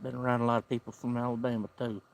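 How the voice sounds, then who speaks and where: A man's voice: mid-range voice, little pitch movement, racing, slight background noise. A man with a Southern US accent hosting a casual camping livestream outdoors, talking in an easygoing, rambling drawl. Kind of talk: casual live-stream chat. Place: outdoor campsite by the woods.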